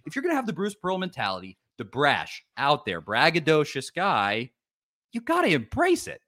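A man on a sports podcast rants about rival fans, his bright voice jumping up and down in pitch. He talks with lively, teasing force and drops into mocking whiny imitations. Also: normal speed. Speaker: podcast co-host.

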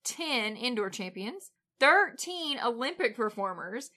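A woman's voice: on the high side, big pitch swings, measured pace, sharp tone. A woman co-hosting a casual sports chat, playful and laughing often. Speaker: podcast co-host.

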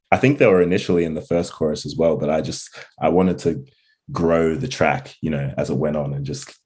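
A man talking casually as a guest about making his song, relaxed and rambling. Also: rumbling low, slightly rough. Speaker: musician guest. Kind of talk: casual interview talk.

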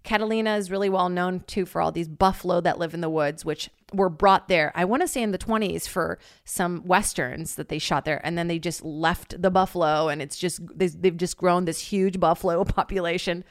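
A woman's voice: lowish voice, fairly even intonation, brisk, few pauses, no echo. Chatty young woman, dry close sound. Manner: chatty, rambling, full of "like", laughs often. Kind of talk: casual storytelling chat.

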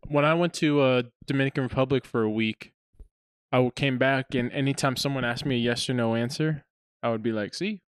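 A man co-hosting a casual podcast, telling animated stories, swearing freely and laughing loudly. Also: mid-range voice, fairly quick, clear, resonant tone, no echo, clean studio sound. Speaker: podcast co-host. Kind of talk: casual chat.

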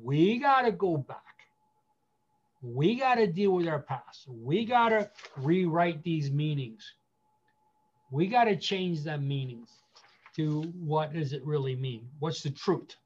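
A man speaking as a guest pastor, giving earnest counsel with emphatic repetition, slowing down to stress key phrases. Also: a little high, expressive, lo-fi sound.

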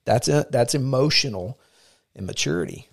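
A man's voice: medium pitch, animated, normal speed, vocal fry. A man who is a pastor co-hosting a podcast, speaking earnestly and personally in a casual faith-based talk.

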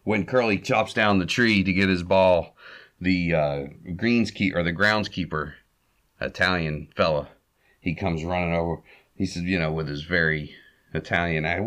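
A man with a low voice walks through a story in relaxed, unscripted fashion. He chuckles as he goes and leans on "uh" and "you know" between beats. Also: normal speed. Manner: chuckles often, relaxed with fillers. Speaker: podcast host. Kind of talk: casual recap of an old comedy short.

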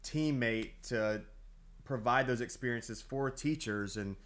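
A man's voice: mid-range voice, takes it slowly, fairly bright tone. A man co-hosting an interview, reflecting aloud and searching for his words. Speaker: co-host. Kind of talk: casual interview chat.

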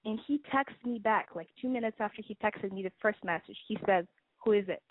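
A woman's voice: medium pitch, brisk, dry recording. Chatty young woman caller on a phone line. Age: 20s. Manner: rambling, chatty storytelling with many "like"s. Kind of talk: call-in story. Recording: dry, tinny phone line.

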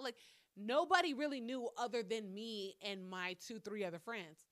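A woman telling a personal story straight to her viewers in a casual, animated way, swearing freely and breaking into loud exclamations. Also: a little high, moderate pace, no echo, studio quality. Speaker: vlogger.

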